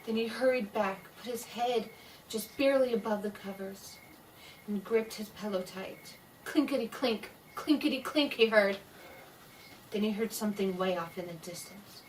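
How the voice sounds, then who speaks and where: Lady reading a ghost story real slow and spooky, mic a bit far off w some hiss. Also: mid-range voice, steady tone. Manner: slow spooky delivery with voiced sound effects. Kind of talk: dramatic scary-story reading.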